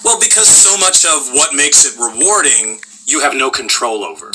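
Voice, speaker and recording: A man's voice: mid-range voice, big pitch swings, normal speed, sharp tone, a little hiss or hum, low-quality recording. A middle-aged male voice actor in casual interview chat, a wry, self-deprecating storyteller.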